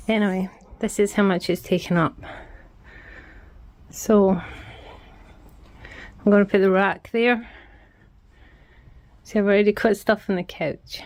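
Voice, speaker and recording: A woman's voice: mid-range voice, fairly even intonation, unhurried, long pauses, darkish tone, no echo. A Scottish woman chatting casually and frankly as she redecorates her small home for a vlog. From Scotland. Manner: chatty, frank, self-deprecating. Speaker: vlogger. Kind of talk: casual vlog chat while working. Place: small house, indoors, redecorating.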